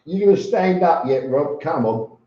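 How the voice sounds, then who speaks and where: A man's voice: a little high, dark tone. A man hosting a casual live stream from home, greeting viewers by name in a chatty way. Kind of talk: casual live stream chat reading comments. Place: home room with fans on. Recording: echoey room, dull lo-fi sound.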